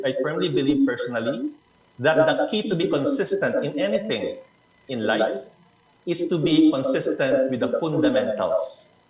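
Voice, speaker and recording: A man's voice: medium pitch, a little mellow. Man presenting on an echoey video call. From Philippines. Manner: encouraging, repeats key words for emphasis. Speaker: presenter leading a learning session. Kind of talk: online club workshop talk. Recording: echoey distant muffled video call audio.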